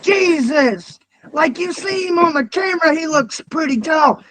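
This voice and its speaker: A man interviewing a guest, telling animated, profane stories with shouted punchlines. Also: very high voice, moderate pace, slight background noise, rough recording. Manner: profane, animated, loud storytelling. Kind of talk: casual storytelling.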